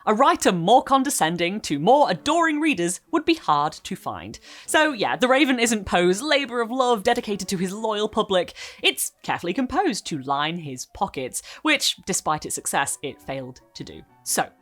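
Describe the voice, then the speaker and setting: Woman narrating with a lively, swooping voice. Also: medium pitch, faint music behind. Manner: expressive, emphatic reading with dramatic pauses. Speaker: literature video essayist. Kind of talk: scripted narration, literary video essay.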